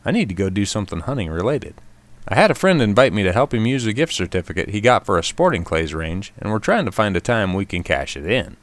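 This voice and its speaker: A man's voice: lowish voice, sing-song, quick pace, no room sound. A man hosting a short outdoors radio segment, reading a scripted commentary in a wry, self-deprecating way.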